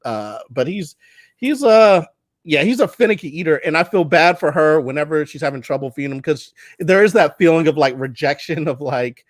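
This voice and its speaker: A man's voice: fairly high pitch, lively intonation, normal speed, no echo, studio quality. A man hosting a podcast who chats casually about his new baby, laughs often and acts out the baby's cries. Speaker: podcast host. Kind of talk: casual chat.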